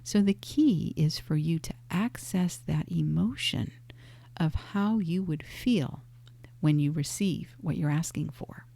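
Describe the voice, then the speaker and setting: Woman coach, low gravelly voice, dry close sound, calm half-whispered teaching. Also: takes it slowly, dry recording. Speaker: life coach. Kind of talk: soft-spoken teaching monologue.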